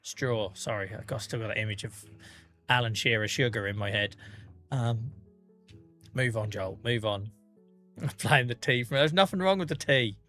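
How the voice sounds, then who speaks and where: Chatty Norfolk man streaming, bright voice. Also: medium pitch, moderate pace, pauses often, soft background music. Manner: chatty, self-mocking, laughs often. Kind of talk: casual live-stream chat while gaming.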